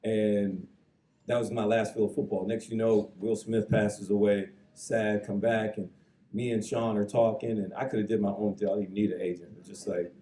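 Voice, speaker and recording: A man in his thirties speaks in a fairly low voice, reflective and earnest, as he gives a hall-of-fame acceptance speech. He sounds a little away from the mic, and a big echoing banquet hall carries his words. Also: normal speed, recorded from a distance. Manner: earnest, reflective, quotes others with lively voices. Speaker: honoree giving an induction speech.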